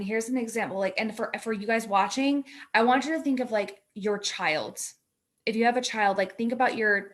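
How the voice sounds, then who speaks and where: Woman co-host, chatty coaching, lots of "like", acts out the inner voices. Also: medium pitch. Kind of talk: casual coaching chat.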